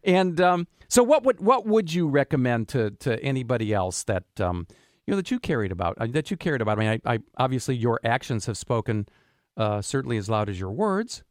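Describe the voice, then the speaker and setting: A man's voice: medium pitch, very animated, a little fast, no room sound, studio quality. A man hosting a radio talk show, rambling with many fillers and restarts as he interviews a guest. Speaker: radio show host and practitioner.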